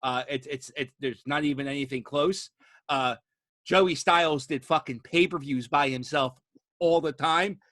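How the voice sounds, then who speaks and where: A man hosting a casual wrestling chat, telling rowdy, profane stories and acting out quotes loudly. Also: on the high side, measured pace, no room sound, clean studio sound. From Philadelphia area. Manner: rowdy storyteller, swears a lot, acts out quotes loudly. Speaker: podcast host.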